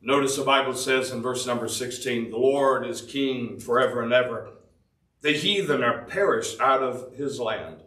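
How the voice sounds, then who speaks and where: Preacher man with a bright, echoing voice. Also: mid-range voice, moderate pace, distant mic. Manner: preaching from scripture in old-fashioned Bible wording. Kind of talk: devotional sermon.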